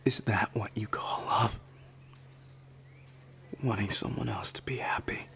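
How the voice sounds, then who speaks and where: A man voicing a shy, anxious young man in a whispered role-play, speaking softly and hesitantly. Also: on the low side, steady tone, unhurried, vocal fry, heavily acted. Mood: tender, insecure. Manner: soft, hesitant, flustered stammering. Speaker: ASMR roleplayer.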